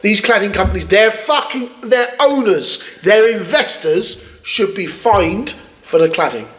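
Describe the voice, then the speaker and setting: High, lively man ranting. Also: a little slow. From United Kingdom. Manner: angry, sweary ranting, reading news aloud. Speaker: podcast co-host. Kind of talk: casual ranting political chat.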